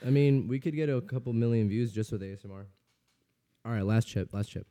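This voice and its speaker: A man's voice: medium pitch, brisk, mellow. A young man co-hosting a morning radio show, talking in a laid-back, slangy, easygoing way. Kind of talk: casual morning radio chat.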